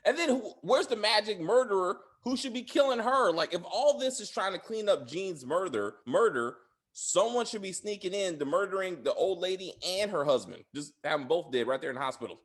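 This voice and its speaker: Animated, rambling man reviewing TV. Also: high-pitched, a little fast. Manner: rambling, profane, animated, with frequent "like" fillers. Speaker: show host reviewing TV episodes. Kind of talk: casual spoiler review chat.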